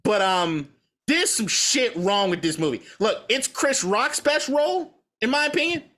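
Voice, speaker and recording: A man's voice: high-pitched, expressive, unhurried, pushed and bright. A man co-hosting a podcast, rambling through profane, opinionated movie talk in a casual debate. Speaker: podcast co-host.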